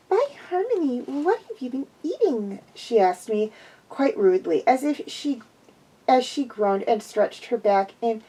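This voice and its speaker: A woman's voice: medium pitch, darkish tone, low-quality recording. A woman reading a first-person fan fiction story aloud as an amateur storybook narrator who often slips and corrects herself. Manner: frequent slips and self-corrections.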